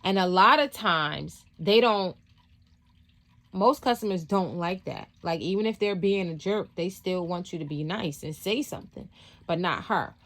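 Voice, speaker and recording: Casual spiritual vlog host, woman, lower-pitched voice, rambling storyteller with many restarts. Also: lively intonation, measured pace, a bit bright.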